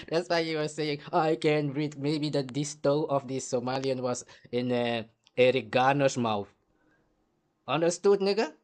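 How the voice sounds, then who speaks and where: A man's voice: mid-range voice, normal speed. A man hosting a heated, combative commentary rant, swearing throughout. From Caribbean. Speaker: host.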